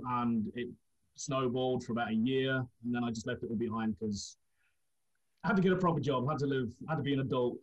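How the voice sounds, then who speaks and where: A man's voice: mid-range voice, rough recording. A man from England, telling rambling anecdotes in a casual chat and laughing through them.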